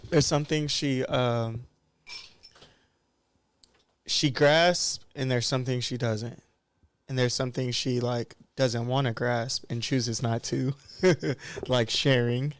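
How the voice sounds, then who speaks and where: A man's voice: medium pitch, slight background noise. A man in his thirties, a barber guest on a podcast, talking in a candid, loose and reflective way. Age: 30s. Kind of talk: casual podcast conversation.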